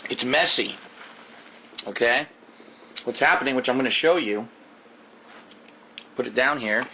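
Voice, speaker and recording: A man's voice: medium pitch, unhurried, sharp tone, slight background noise. Emphatic man reviewing food to camera. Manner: enthusiastic, emphatic, repeats himself. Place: at home, indoors. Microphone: camera mic, set down while eating.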